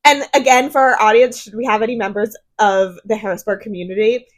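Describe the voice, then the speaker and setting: A woman's voice: medium pitch, fairly even intonation, fairly quick. A woman co-hosting a book podcast, chatting casually and telling rambling anecdotes. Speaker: podcast co-host. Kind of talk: casual chat.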